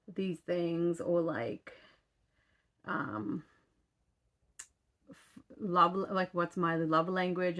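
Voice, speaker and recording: A young woman from western Canada talks casually to her camera, rambling through her story with lots of fillers and asides. Her voice sits a little low for a woman. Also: a bit bright. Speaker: vlogger. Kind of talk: casual chat.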